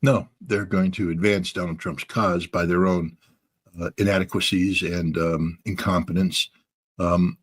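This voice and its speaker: A man being interviewed as a guest commentator, telling events in an animated way and often slipping into impressions. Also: low-pitched, a little slow, no room sound. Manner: animated storytelling with frequent voice impressions. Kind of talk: casual interview talk.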